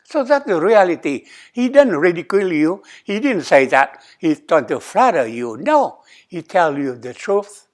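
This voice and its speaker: A man's voice: high voice, sing-song, unhurried. An older man, an abbot, giving a sermon at a temple in simple English, often checking in with "okay?" and acting out quoted dialogue. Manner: non-native English, simple repetitive phrasing, asks "okay?"; acts out quoted dialogue with rising emphasis. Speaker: abbot giving a dharma talk. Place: temple hall.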